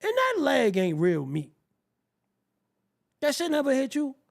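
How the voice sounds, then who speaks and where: A man hosting his own show, telling a rambling, profane story in a casual, animated way. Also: extremely high pitch, unhurried, creaky. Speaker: host.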